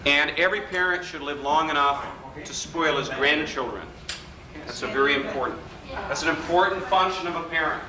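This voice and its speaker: Here a fairly high-pitched man talks at a normal pace while a crowd murmurs in the background. His political persuasion workshop, held before a live audience in a hotel function room, is full of jokes, teasing, and acted-out quotes. The echoey hall recording was made from a distance and carries faint hiss.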